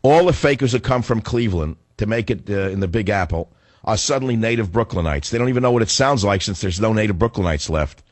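This is a talk radio host, male and from the northern US, recovering from the flu with a cough. His monologue is combative and sarcastic, his low voice expressive and quick, captured on a studio microphone with no room sound.

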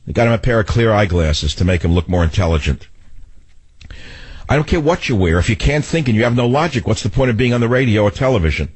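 A man's voice: on the low side, slightly rough, no room sound. An older man hosting a political radio talk show, ranting sarcastically in a long monologue. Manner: ranting, sarcastic, mocking mimicry.

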